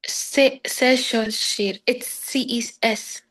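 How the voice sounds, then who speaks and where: A woman answers her teacher's questions in a French lesson over a video call. She talks slowly and hesitantly, thinking aloud between words. Her voice is a little high. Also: steady tone, fairly bright tone. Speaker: student.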